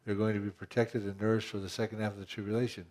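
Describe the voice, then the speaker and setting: A man's voice: on the low side, flat delivery, racing, darkish tone. A man pastor preaching a conversational sermon, asking rhetorical questions and often restarting his phrases.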